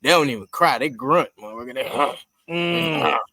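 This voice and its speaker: A podcast co-host with a mid-range voice chats casually at a moderate pace, telling animated stories full of swearing and laughter. There's no room sound.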